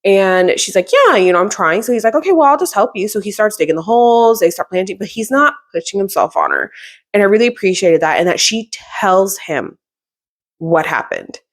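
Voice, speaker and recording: A woman's voice: mid-range voice, sing-song, normal speed. A young adult woman chatting casually about books she has read, rambling with fillers and restarts. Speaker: book reviewer. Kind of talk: casual book review chat.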